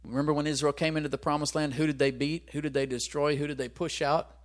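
A man's voice: a little high, flat delivery, fast talker. Man preaching a conversational sermon. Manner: conversational preaching with rhetorical questions; searches aloud for references, restarts. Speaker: pastor.

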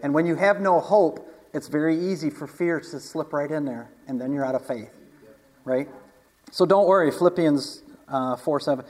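A man's voice: on the high side, moderate pace, a little mellow, long reverb tail. A man preaching an informal sermon, telling a personal story in a chatty way with frequent laughter and restarts. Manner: chatty, laughs often, repeats words.

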